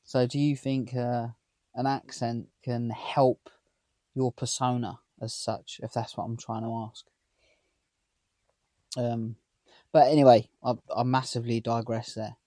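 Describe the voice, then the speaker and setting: A man's voice: mid-range voice, little pitch movement, unhurried, pauses often, mellow, no echo. A man in his thirties with an accent from just outside London, chatting to camera inside his camper van, rambling and asking viewers questions. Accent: southern English, London area. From England. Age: 30s. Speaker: vlogger. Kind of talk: casual chat to camera.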